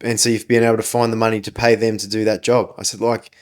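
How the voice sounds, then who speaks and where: A man's voice: on the low side, flat delivery, fast talker, darkish tone. A man, co-hosting a casual business podcast, ranting and swearing freely as he tells stories. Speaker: podcast co-host, business owner.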